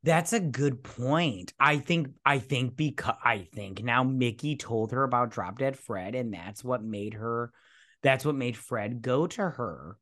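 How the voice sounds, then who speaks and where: A man co-hosting a casual movie review chat while drinking. He is excitable, retells the plot, acts out the lines and swears casually. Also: medium pitch, unhurried. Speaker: podcast co-host.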